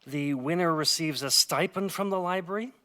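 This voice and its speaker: A man's voice: fairly high pitch, moderate pace, bright, forceful tone. A man who is president of a library giving an upbeat formal welcome speech at a public event.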